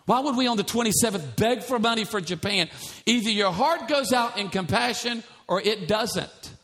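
Preaching a sermon in church, a male pastor speaks emphatically and poses many repeated rhetorical questions. His voice is high and fairly bright, with lively intonation at a normal speed.

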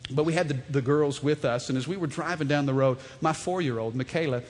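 A man in his thirties preaches in a church, his fairly high voice ringing out. He tells stories with animation and keeps calling on the congregation to answer back. A long reverb trails behind him in the sanctuary. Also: quick pace. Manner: animated, storytelling, calls for audience response. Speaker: pastor. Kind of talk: sermon.

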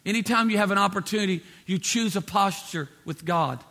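A man with a high, bright voice preaching a sermon. He hammers his points with repeated phrases and slips into acted-out quotes of the people he describes. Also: a little fast, creaky. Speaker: pastor.

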